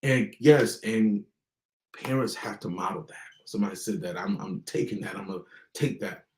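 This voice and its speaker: A man hosting a motivational talk to parents, with a preacher-like delivery that repeats key words and slows down for emphasis. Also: lowish voice, darkish tone, reverberant, low-quality recording. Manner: preacher-like, emphatic repetition and pauses. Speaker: host.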